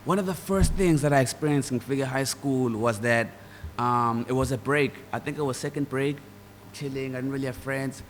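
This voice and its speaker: A young South African man with a Durban accent tells relaxed, meandering stories about growing up. He switches into Zulu now and then and does quick impressions of others. His voice carries a long hall reverb over faint ambient noise. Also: mid-range voice. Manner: relaxed, rambling, mixes in Zulu phrases and mimics voices. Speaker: guest musician. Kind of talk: casual interview storytelling.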